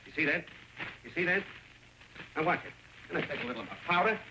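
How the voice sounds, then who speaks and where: An actor playing a brash, scheming inventor husband in a 1930s film comedy, wheedling and pushy. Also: male voice, sits high, fast. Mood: pleading. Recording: scratchy 1930s film soundtrack with music.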